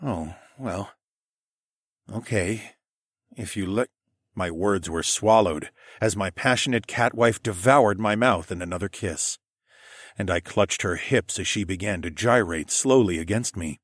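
A man narrating a first-person fantasy romance audiobook in an expressive storytelling manner. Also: sits low, normal speed, no room sound, studio quality.

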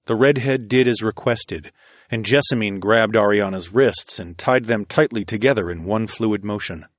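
A man narrating an erotic audiobook in the first person, in a slow, intimate, steady storytelling manner. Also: lowish voice, dry recording, studio quality.

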